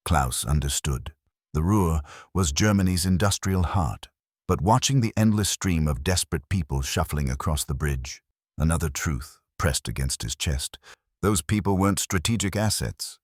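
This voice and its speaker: Grave male storyteller, extremely low voice, dry close recording. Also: expressive, normal speed, no room sound. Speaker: narrator. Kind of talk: scripted narration.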